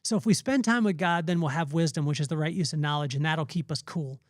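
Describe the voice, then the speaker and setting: A man's voice: a little high, fast, no room sound, clean studio sound. A man hosting a podcast, giving an earnest, rambling devotional talk that often circles back and restarts his phrases. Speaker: podcast host.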